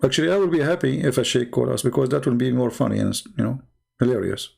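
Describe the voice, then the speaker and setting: A man's voice: mid-range voice, fast talker, vocal fry, darkish tone, husky. A man hosting a live stream, rambling in a mocking, sarcastic way in broken English, saying he is losing his voice. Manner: sarcastic, rambling, heavy non-native English.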